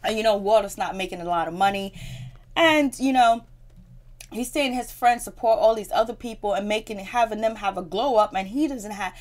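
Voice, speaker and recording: A woman's voice: mid-range voice, normal speed. A woman giving a casual spoken recap of a reality show episode, chatty and slangy, often laughing as she retells scenes. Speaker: TV recap vlogger.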